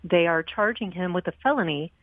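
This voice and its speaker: Female radio caller, low voice, hesitant, tinny phone line. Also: fairly quick, dry recording. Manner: hesitant, with nervous laughs. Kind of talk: phone call to a radio show.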